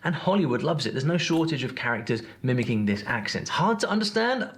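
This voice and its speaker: A man's voice: medium pitch, sing-song, fairly quick. A man narrating a scripted explainer video in an upbeat, punchy, playful way.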